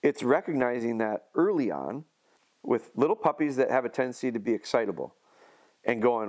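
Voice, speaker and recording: A man's voice: mid-range voice, expressive, normal speed, a little mellow. A man casually explaining dog training on a podcast, leaning on homespun analogies and restarting his sentences often.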